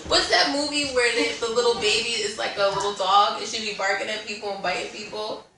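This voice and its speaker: A young woman chatting and teasing family at dinner, bossy and quick to laugh. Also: mid-range voice, fairly even intonation, sharp tone, a little hiss or hum. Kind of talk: casual chat. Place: home dining table. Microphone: far camera. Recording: echoey room, mic far off.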